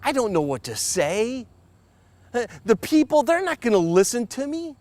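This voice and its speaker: A doubtful, stammering Moses pleads that he is not the right man, as a preacher puts him on. The voice sits high and urgent. It comes as a retelling inside a sermon. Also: sing-song, normal speed, darkish tone, no room sound. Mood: pleading. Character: hesitant, self-doubting Moses pleading with God.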